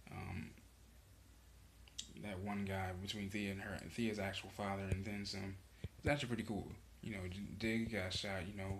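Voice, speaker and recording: A man with a fairly low voice talks through a TV episode in a loose, rambling recap. He leans on "you know" constantly and drops casual profanity. A faint hiss of noise sits under his voice. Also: fairly bright tone. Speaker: show reaction vlogger.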